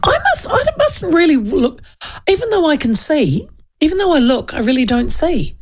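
Chatty New Zealand woman, gravelly voice. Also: sits high, normal speed. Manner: chatty, animated storyteller reading listener texts. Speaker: radio talkback host. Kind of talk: casual talkback radio chat.

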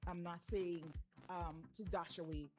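A woman's voice: lowish voice, fairly even intonation, measured pace, low-quality recording. A woman, a parent speaking earnestly and emphatically in a casual discussion. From Saint Vincent. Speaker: parent discussing children's speech.

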